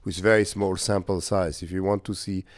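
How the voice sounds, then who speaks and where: A man's voice: deep voice, fairly even intonation, moderate pace, dry recording. A man chairing a conference discussion, blunt and skeptical, in slightly non-native phrasing. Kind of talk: panel discussion questioning.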